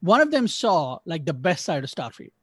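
Male podcast host, slightly higher voice, dry close sound, rambling casual review. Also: big pitch swings, normal speed, slightly rough, no echo. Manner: rambling, self-correcting, joking asides. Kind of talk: casual episode review chat.

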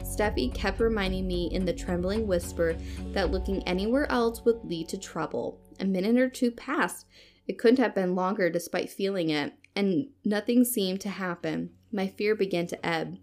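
A woman podcast host reading a spooky story aloud in a hushed, suspenseful way. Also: mid-range voice, moderate pace, soft background music.

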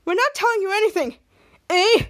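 Woman playing a squeaky, panicky crook, ends everything with "eh". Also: fairly quick, a bit bright, dry recording, clean studio sound. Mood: whiny. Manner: ends lines with "eh". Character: panicky male crook with a Canadian "eh".

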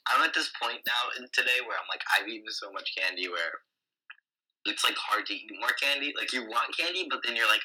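Bright-voiced young man rambling casually. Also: mid-range voice, fairly quick, poor audio. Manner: rambling, many fillers, jokey. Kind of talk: casual chat among friends.

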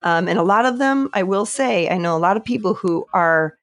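A woman's voice: mid-range voice, animated, fairly quick, a bit bright, no echo. A middle-aged woman, a landscape photographer, talking as a podcast guest in a thoughtful, hesitant way with many fillers. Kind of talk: casual interview chat.

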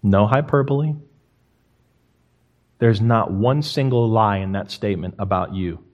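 A young man preaching a sermon, emphatic and lively, swinging from quiet to loud. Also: on the low side, measured pace, lo-fi sound. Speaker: pastor.

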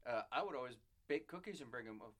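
A middle-aged man co-hosting a casual chat, telling stories in a chatty, animated way. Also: medium pitch. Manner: chatty, animated, quick to jump in.

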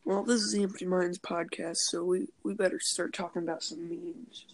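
Gravelly, low-key podcast co-host. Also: male voice, level tone, normal speed, rough recording. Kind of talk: casual chat. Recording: faint background noise.

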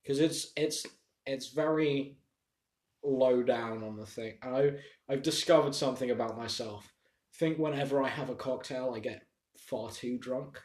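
A man's voice: medium pitch, unhurried, a little mellow. A young man co-hosting a podcast, chatting casually and hesitantly with frequent restarts and fillers. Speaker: podcast co-host. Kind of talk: casual chat. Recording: roomy echo.

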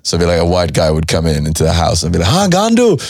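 A man's voice: low voice, little pitch movement, racing, creaky, dry recording, clean studio sound. A young man co-hosting a podcast, talking in a loose, rambling way with lots of fillers and swearing. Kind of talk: casual podcast chat.

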